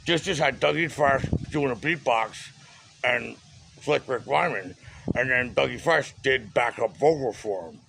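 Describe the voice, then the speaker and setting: A man's voice: medium pitch, a little slow, vocal fry, a bit bright, slight background noise, low-quality recording. A man telling a personal story in a loose, casual way, with slang, swearing and lots of fillers. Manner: loose and profane, with street slang and many fillers.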